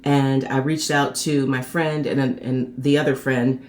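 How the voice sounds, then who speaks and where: Woman, low-pitched voice, host, personal storytelling, chatty, animated. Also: measured pace, a little hiss or hum. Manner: animated, acts out quoted people with sharp pitch jumps; chatty and conversational.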